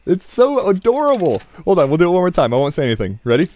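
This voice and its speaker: A man's voice: fairly high pitch, animated, racing, darkish tone. A man giving casual let's-play commentary, chatting, cursing and talking to the monster as he plays. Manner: chatty, swears often, talks to the monster. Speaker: gameplay commentator. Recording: game music underneath. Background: game music.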